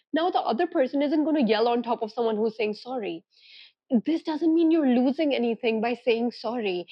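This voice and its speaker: A woman's voice: sits high, husky, lo-fi sound. A young woman, a relationship coach, giving earnest, emphatic advice to camera and acting out the thoughts she quotes. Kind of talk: direct-to-camera advice vlog.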